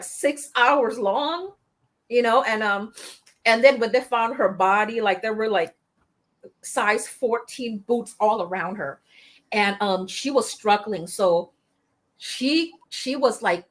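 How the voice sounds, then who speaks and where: Impassioned woman veteran telling her story. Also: mid-range voice. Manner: impassioned, halting, many fillers and restarts. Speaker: guest, military veteran and author. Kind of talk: emotional interview storytelling.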